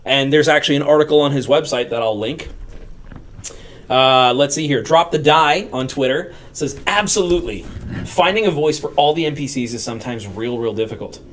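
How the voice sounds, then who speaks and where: A man's voice: medium pitch, brisk, fairly bright tone, a little hiss or hum. A man with a mid-range voice co-hosts a tabletop game livestream. He talks casually and loosely, in an upbeat, chatty way. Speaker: co-host of a tabletop game channel.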